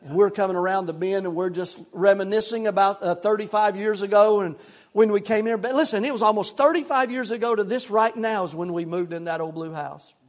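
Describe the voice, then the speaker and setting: An older male pastor preaching a sermon in a repetitive, impassioned cadence that drops into hushed, folksy storytelling. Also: high voice, a little fast.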